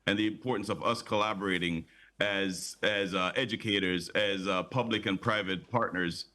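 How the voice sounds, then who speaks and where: A man's voice: lowish voice, steady tone, moderate pace, bright, forceful tone. A man speaking as a guest on a morning TV show, eager and promotional, often repeating words as he builds his point. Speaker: conference organizer, guest. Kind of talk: studio interview.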